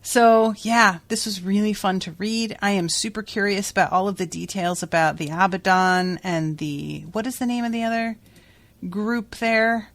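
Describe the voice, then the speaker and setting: A woman's voice: medium pitch, normal speed. A young woman hosting a podcast, recapping a book in a chatty way and swearing freely. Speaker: podcast host.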